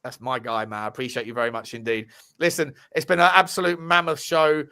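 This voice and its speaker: A man hosting a casual football fan live stream, chatty and swearing as he shouts out viewers and reads their messages. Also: mid-range voice, flat delivery, fast talker. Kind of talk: casual live-stream chat, reading out super chats.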